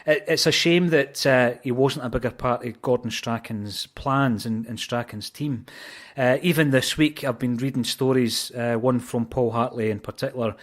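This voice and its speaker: A man hosts a podcast interview, speaking at an ordinary pitch in a measured way. He fills pauses with frequent "uh"s as he builds his questions. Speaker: podcast host. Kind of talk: interview hosting.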